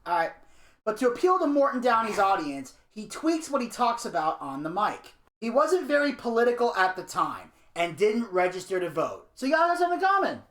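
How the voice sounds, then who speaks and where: A man co-hosting a podcast, casually recapping a documentary and telling stories with lively impressions. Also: sits high, brisk, echoey room. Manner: animated storyteller, slips into impressions. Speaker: podcast co-host. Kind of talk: casual review chat, reading episode notes.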